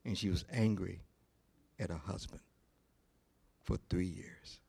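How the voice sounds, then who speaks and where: A male pastor preaching a sermon, telling a story in a slow, deliberate way with pauses. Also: sits low, fairly even intonation, creaky, mellow, slightly rough.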